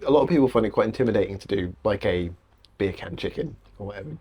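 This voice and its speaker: A man with a husky, fairly low voice, co-hosting a casual podcast. He chats in a relaxed, joking way among friends. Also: fast talker. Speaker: podcast co-host. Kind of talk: casual chat.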